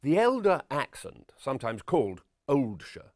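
A man playing a vain, pompous middle-aged character actor, lecturing on his craft in a deadpan, self-regarding way. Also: medium pitch, normal speed, dry recording, clean studio sound. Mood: self-important. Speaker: actor giving acting advice. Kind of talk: deadpan spoof documentary address.

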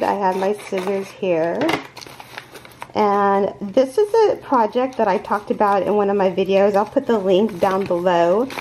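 Gushing, gravelly-voiced woman crochet host. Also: medium pitch, background noise. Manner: gushing, breathless, stammering with excitement. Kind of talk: excited unboxing vlog.

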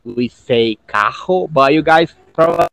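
A man whose first language is Portuguese talks slowly and with care during a casual English practice call. His voice sounds close and dry. He laughs often while he explains how words are pronounced. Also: medium pitch, expressive, no room sound. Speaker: English learner. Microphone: video call.

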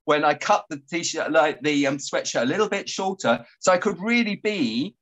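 A man guiding a paper craft tutorial, chatty and quick to laugh. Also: fairly high pitch, rough recording. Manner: animated, giggly and chatty. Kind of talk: casual craft tutorial chat.

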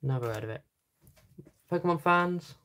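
British woman, low-leaning pitch, dry wit, relaxed unboxing chatter. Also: moderate pace. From Britain. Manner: dry, teasing asides. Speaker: channel host. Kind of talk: casual unboxing chat while sorting cards.

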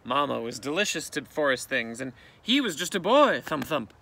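A male teacher reading a picture book aloud with expressive, dramatic storytelling, outdoors in a canoe. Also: fairly high pitch, moderate pace, gravelly, slight background noise.

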